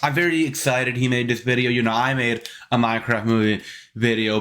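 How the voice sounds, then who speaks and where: A man's voice: mid-range voice, a bit bright. A young man doing sarcastic, profane reaction commentary over a video. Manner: sarcastic, easily riled, swears a lot.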